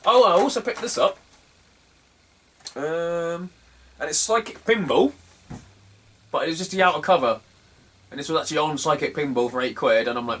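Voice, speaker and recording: A man's voice: fairly high pitch, expressive, normal speed, pauses often, a bit bright. A young man, a retro gaming YouTuber telling stories to camera in a rambling, sweary way, often breaking into laughter. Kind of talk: casual storytelling to camera.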